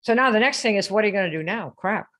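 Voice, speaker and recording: A woman leads a live online sales coaching session, firing rhetorical questions at her audience and mocking typical sales posts in a sing-song voice when she quotes them. Her medium-pitched voice is fairly bright, lively in intonation, and fast.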